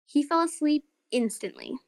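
A woman's voice: high-pitched, moderate pace, vocal fry, dry recording, clean studio sound. Woman narrating a children's story. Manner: expressive, friendly storytelling. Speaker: narrator and segment host.

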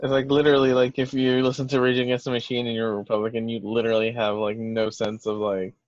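A man's voice: mid-range voice, level tone, quick pace, no echo, muffled recording. A man co-hosting a wrestling podcast, rambling through casual chat with lots of fillers and restarts. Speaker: podcast co-host.

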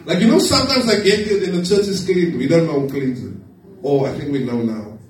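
A man preaching a sermon to his congregation, lively and joking with them. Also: fairly high pitch, brisk, a little hiss or hum. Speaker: pastor. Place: church hall. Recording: echoey hall, distant mic.

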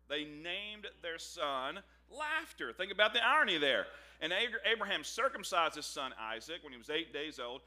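A man delivers a sermon in a bright, ringing voice that sits slightly high for a man. He tells the scripture story like an animated, joking storyteller, acting out the conversations as he goes. His pitch rises and falls a lot, giving the preaching a lively, expressive feel. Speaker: pastor.

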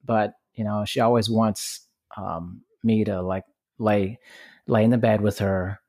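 A man hosting a podcast, chatting in a relaxed, amused way. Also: lowish voice, a little slow. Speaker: podcast host. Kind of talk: casual interview chat.

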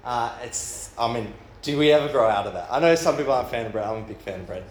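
A man's voice: medium pitch, quick pace, roomy sound, slight background noise. A man who is the pastor for youth and young adults, giving a sermon in a casual, storytelling way. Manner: casual storytelling with rising excitement. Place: church hall.

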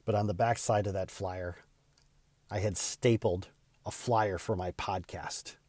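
Telling a personal story earnestly and from the heart, this middle-aged man, a real estate agent and podcaster, speaks in a lowish, a little mellow voice with fairly even intonation. His pace rises and falls with emotion, and the recording is dry and close, without room echo.

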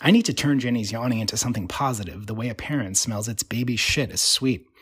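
A man reads a literary story aloud with a wry, deadpan rhythm. His voice is husky and slightly breathy, recorded close in a dry, dead space. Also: mid-range voice, fast, dry recording. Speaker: narrator.

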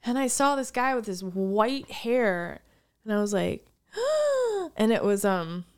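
A woman's voice: mid-range voice, a little slow, smooth. A middle-aged woman chatting casually on a podcast, spinning a long rambling story about her touring days. She restarts her sentences often and breaks in with small gasps as she talks. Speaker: podcast guest, musician. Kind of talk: casual chat.

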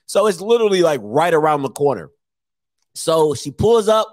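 A man telling a comic childhood story, animated and laughing, acting out the voices. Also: fairly high pitch, moderate pace, dry recording, studio quality.

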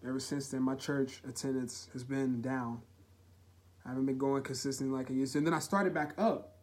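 A young man hosting his own podcast, talking earnestly and haltingly about personal struggles in a heartfelt, emotional way. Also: medium pitch, darkish tone. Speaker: podcast host. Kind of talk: solo confessional podcast talk.

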